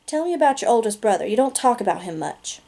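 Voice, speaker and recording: A proud teenage girl with a crisp, pointed way of speaking, her voice lifted noticeably above the reader's usual level, as a woman reading a novel aloud puts her on. The lines are read plainly, storybook style, with only a light shift in tone. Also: big pitch swings, quick pace, mellow. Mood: curious. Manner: higher, pointed delivery. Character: sharp-tongued teenage girl, cool and proud.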